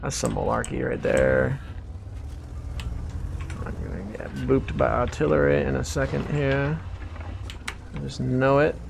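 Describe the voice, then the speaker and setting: A man's voice: medium pitch, fairly even intonation, a little slow, gravelly, pauses often. A man streaming a tank game, chatting casually with a wry, self-deprecating grumble. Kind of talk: casual gaming chat. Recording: faint background noise.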